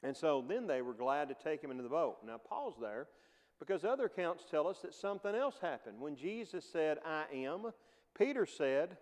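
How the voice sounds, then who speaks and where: A man's voice: fairly high pitch, very animated, normal speed, big-room sound. A man teaching a casual Bible class in a church, talking conversationally with frequent chuckles and acting out the quoted lines.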